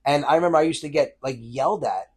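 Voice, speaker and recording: A man, a comedian guest in a casual interview, telling animated stories and acting out his family's voices. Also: on the high side, fast, breathy edge. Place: comedy club.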